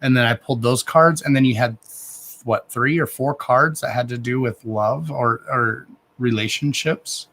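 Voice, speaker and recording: A man's voice: medium pitch, normal speed, a bit bright. A man in his thirties chatting casually on a live stream as a card reader, rambling, with frequent restarts and loose swearing. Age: 30s.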